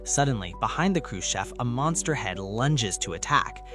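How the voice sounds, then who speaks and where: A man narrating a comic story recap in steady scripted storytelling. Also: medium pitch, normal speed, music in the background.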